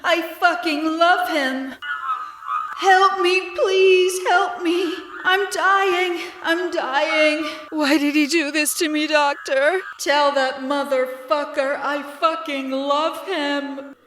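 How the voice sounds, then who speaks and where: A badly hurt young woman cries out in a high, frantic voice, as a British woman narrator acts her out. She pleads desperately and breathlessly. The voice is raw and strained. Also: steady tone, slow, echoey room, over music. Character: injured young woman screaming in hospital.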